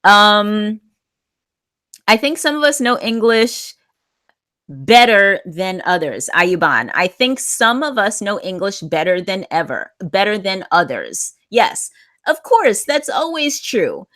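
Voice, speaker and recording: A woman teaches an online English class, reading students' sentences aloud and offering gentle corrections. She speaks slowly and deliberately, with a lively, rising and falling pitch. Her manner is patient and encouraging.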